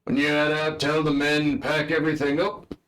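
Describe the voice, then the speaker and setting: A man voicing a gruff, irritable male orc officer in a tabletop game, curt and grumbling. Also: on the high side, completely flat delivery, moderate pace, fairly bright tone, voice pushed up, close to an everyday voice, poor audio. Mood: ordering.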